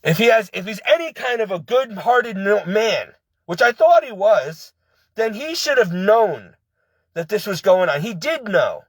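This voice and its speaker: An angry, upset man vents in a rush, circling back and repeating himself as he talks. His voice sits high for a man. The sound is dry and close, with no room around it. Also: animated, a little slow, breathy edge, no room sound. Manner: agitated, repetitive venting with many restarts. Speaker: ex-employee venting. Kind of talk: personal rant to camera.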